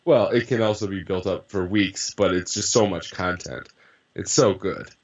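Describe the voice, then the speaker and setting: A very low-voiced young man co-hosting a casual podcast. He laughs often, hedges his points and keeps things easygoing. His sound is a bit dull and lo-fi. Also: normal speed. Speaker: podcast co-host. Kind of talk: casual chat.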